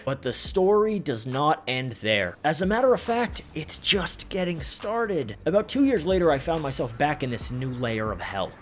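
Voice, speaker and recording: Animated, foul-mouthed young man telling a story. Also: on the high side. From Canada. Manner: animated, profane, rambling. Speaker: gaming channel host. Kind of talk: comedic storytime over gameplay. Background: faint background music.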